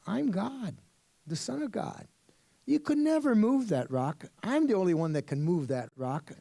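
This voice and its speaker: A man voicing Jesus as a calm, patient, reassuring figure in a sermon story. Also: high-pitched, unhurried, creaky, no echo, voice pushed up, full character voice.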